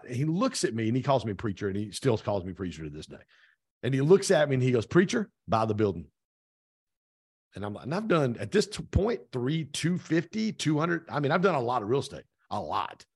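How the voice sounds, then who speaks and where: A middle-aged man telling a story in a casual interview, animated, acting out quoted dialogue. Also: mid-range voice, brisk, husky, no echo, studio quality. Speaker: podcast guest, real estate team owner.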